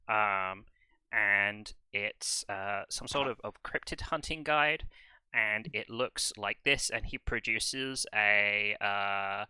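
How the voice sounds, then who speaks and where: A man's voice: on the low side, slow pace, bright, forceful tone, clean tone, no echo. A man running a tabletop role-playing game as game master, laid-back and wry as he describes the scene.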